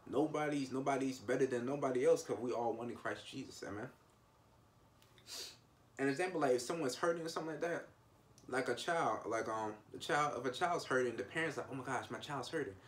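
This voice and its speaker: Fast-talking man giving a casual sermon. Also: medium pitch, a little hiss or hum. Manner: repetitive, restarts often, emphatic asides. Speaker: preacher. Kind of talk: informal devotional sermon.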